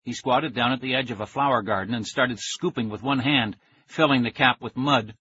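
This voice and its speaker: A man narrating a children's story in the first person with steady storytelling. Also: mid-range voice, moderate pace, breathy edge, lo-fi sound. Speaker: audiobook narrator.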